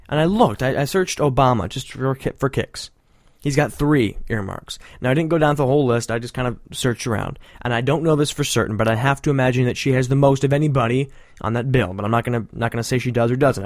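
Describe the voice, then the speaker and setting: A man's voice: mid-range voice, a little mellow, no echo, studio quality. A man hosting a political talk show with a sarcastic, rambling monologue full of jokey asides. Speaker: host.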